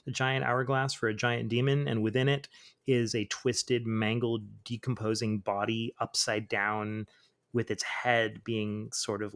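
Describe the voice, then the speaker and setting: A man's voice: medium pitch, gravelly, fairly bright tone. A man hosting a comics podcast, chatting casually with lots of fillers and reading quoted lines with dramatic flair. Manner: reads quotes with dramatic flair between laid-back asides. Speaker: podcast host. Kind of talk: casual comic book commentary.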